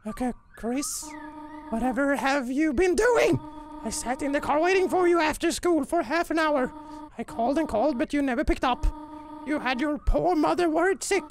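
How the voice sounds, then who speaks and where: A man reading a caring, stern goat mother's lines from a game in a slow, motherly tone. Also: very high voice, expressive, voice pushed up.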